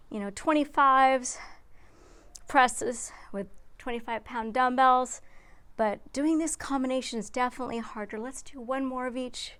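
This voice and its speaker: A woman's voice: a little high, fairly bright tone. A woman fitness instructor guiding a beginner workout, counting reps aloud and a little out of breath. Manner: encouraging, counts reps aloud while exercising.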